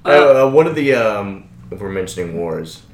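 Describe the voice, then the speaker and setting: Animated man in an echoey room. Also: lowish voice, a little slow, slight background noise. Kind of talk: casual movie chat.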